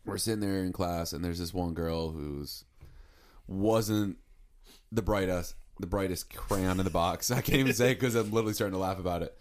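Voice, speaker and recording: A man with a fairly low voice tells a school story in loose podcast banter. He jokes and breaks into laughter often, keeping the tone easygoing. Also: fairly even intonation, normal speed. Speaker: podcast co-host. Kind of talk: casual chat.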